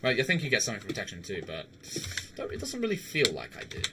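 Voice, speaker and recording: A man's voice: on the low side, wildly swooping pitch, fast talker, noisy background. A young man chatting casually with viewers on a live game stream, laughing often and swearing now and then.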